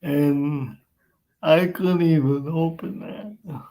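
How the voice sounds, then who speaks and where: A young man hosting a casual podcast chat, talking haltingly with frequent restarts. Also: fairly high pitch, mellow, low-quality recording. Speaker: podcast host.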